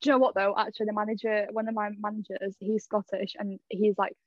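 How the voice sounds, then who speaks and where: A young woman co-hosting a podcast, chatty and quick, laughing easily in casual talk. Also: medium pitch, flat delivery, no room sound, highs cut off. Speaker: podcast co-host. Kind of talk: casual chat.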